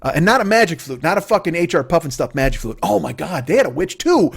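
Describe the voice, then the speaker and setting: A man in his forties rambles through a comedic monologue, swearing freely and leaping from one tangent to the next. His voice sits high and swings widely in pitch, bouncing between excitement and mock outrage. He talks like a podcast host riffing alone at the mic. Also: quick pace, vocal fry, hardly any pauses, husky. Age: 40s.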